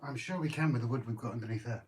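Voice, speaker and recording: A man in a mid-pitched voice trades jokey banter on a home live stream. A faint hiss runs behind him. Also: rapid-fire, darkish tone. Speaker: co-host. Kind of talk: casual live-stream chat.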